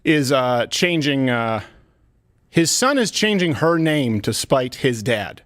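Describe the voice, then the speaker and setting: A man's voice: medium pitch, sing-song, takes it slowly, fairly bright tone, dry recording. A man hosting a comedic political talk show, bantering loosely with many fillers, in a studio with headphones. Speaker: host. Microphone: studio headphones and mic.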